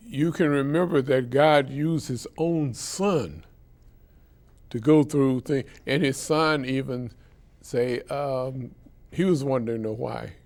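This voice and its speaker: Halting male interview host. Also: medium pitch, gravelly, a little mellow. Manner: halting, many fillers and repeated words, frequent affirmations.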